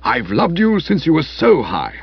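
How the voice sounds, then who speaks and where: A hulking, domineering man, voiced by a male reader, who blusters in a husky, raspy voice, lurching between highs and lows. The audiobook recording is dry and a little muffled. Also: wildly swooping pitch, normal speed, no echo, heavily acted. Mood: blustering.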